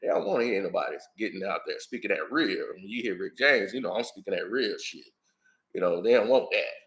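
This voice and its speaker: A man putting on a laid-back middle-aged music star who rambles along in a low, quick mumble. The slang-heavy talk rolls out fast and a touch bright. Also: lively intonation.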